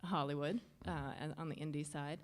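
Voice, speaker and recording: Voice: medium pitch, fairly even intonation, fairly quick. An audience member asking a question hesitantly, rephrasing as they go.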